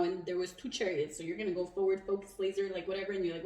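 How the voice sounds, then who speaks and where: A woman giving a casual tarot reading, chatty and animated, who laughs and swears often. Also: mid-range voice, racing, few pauses, roomy sound, far from the mic. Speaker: tarot reader.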